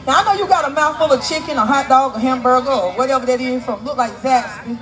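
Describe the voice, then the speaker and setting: A woman emceeing a live outdoor community event on a handheld mic, teasing and working the crowd loudly. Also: high-pitched, fast, rough recording. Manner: playful, teasing, loud crowd-work. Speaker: event emcee and radio host. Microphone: handheld microphone.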